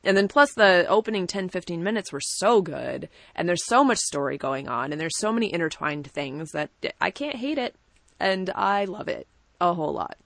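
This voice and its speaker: A woman co-hosts a casual podcast, talking in an animated way and laughing often. Her voice is recorded close and dry, with no room sound. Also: on the low side, moderate pace, vocal fry, no echo. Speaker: podcast co-host. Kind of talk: casual chat about wrestling.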